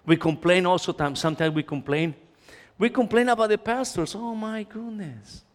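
A man's voice: a little high, a little fast. A man preaching a humorous sermon in a church, mixing in some Spanish and acting out complainers. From Latin America. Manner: animated, jokey, acts out complainers, mixes in Spanish. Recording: reverberant church hall.

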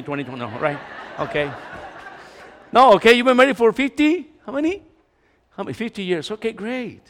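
High-voiced male pastor in an echoing hall. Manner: animated, conversational preaching that swings between loud and quiet. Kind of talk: sermon. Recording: echoey hall.

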